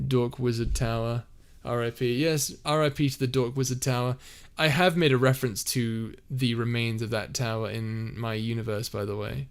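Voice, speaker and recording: A man's voice: medium pitch, steady tone, moderate pace, few pauses, clear, resonant tone. A young man streaming from home. He reads chat aloud and answers in a rambling, easygoing way with many restarts. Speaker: streamer and audio roleplay creator. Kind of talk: casual live-stream chat, reading comments. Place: a house, indoors.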